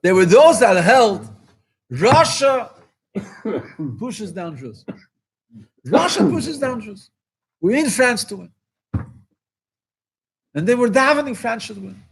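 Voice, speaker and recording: High husky-voiced rabbi, impassioned. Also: male voice, big pitch swings, normal speed, pauses often. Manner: impassioned, repeats phrases for emphasis, rising to exclamations. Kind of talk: farbrengen talk.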